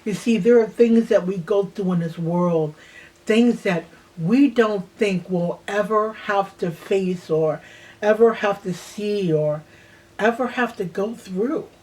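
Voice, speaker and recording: A woman in her sixties slowly telling a personal childhood memory in a reflective way, sometimes dropping to a near-whisper. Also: mid-range voice, a little mellow. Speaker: host. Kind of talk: personal storytelling.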